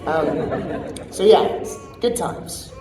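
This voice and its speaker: A man with a slightly high voice answers fan questions at a convention panel, loose and chatty, often laughing between thoughts. He sits a bit back from the mic in a roomy, echoey hall. A crowd murmurs behind him. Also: expressive, extremely slow, recorded from a distance, noisy background. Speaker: voice actor panel guest.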